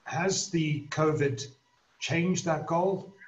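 A man's voice: fairly high pitch, extremely slow. A man interviewing a business guest over a video call, asking polite questions. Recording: roomy, dull video call audio.

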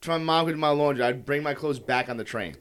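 A man's voice: fairly high pitch, quick pace, fairly bright tone. A young man with a Long Island accent chatting on a podcast, slurring his words together. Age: young adult. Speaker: podcast guest. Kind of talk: casual chat.

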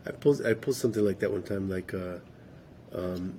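A man co-hosting a casual podcast, joking and animated, sometimes shouting for a gag. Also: low-pitched, moderate pace. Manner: animated, jokey, shouts mock all-caps readings. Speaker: podcast co-host. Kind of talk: casual chat.

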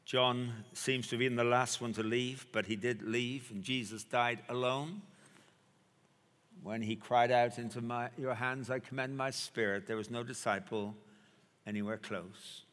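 A male preacher delivering a sermon, telling a story with dramatic pauses and emphasis. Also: medium pitch, fairly even intonation, fairly bright tone. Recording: echoey hall.

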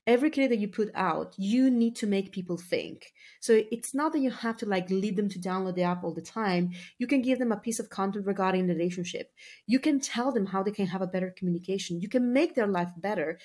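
A woman's voice: medium pitch, a little fast, a little mellow. A woman speaking as a marketing guest on a podcast, talking in a chatty, filler-heavy casual way and laughing easily. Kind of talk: casual interview talk.

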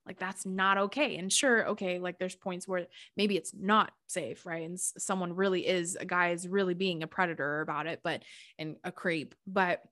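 A woman's voice: on the low side, steady tone, normal speed, pushed and bright. Chatty woman podcast host. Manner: chatty, full of "like" fillers, frequent laughs. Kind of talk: casual confessional monologue.

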